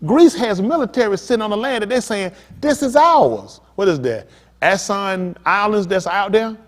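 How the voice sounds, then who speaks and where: A man's voice: high-pitched, lively intonation, moderate pace. A male pastor preaching a sermon, talking straight to the congregation with emphatic, pressing questions. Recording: long hall reverb.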